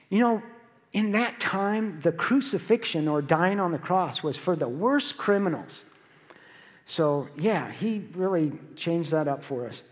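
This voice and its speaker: A middle-aged male pastor telling a story in a sermon, animated and lively, acting out the quotes. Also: a little high, measured pace. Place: church sanctuary. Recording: long hall reverb.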